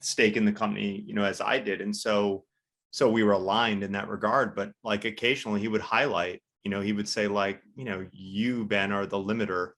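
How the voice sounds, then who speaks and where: A man's voice: fairly low pitch, fairly even intonation, a little fast, fairly bright tone. A man hosting an interview, talking in a reflective, conversational way with many casual fillers. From United States. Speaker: podcast host.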